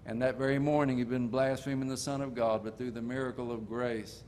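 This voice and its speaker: An older man preaching a sermon in a folksy storytelling manner, slowing down to stress key points. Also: medium pitch, level tone, a little mellow, slight background noise.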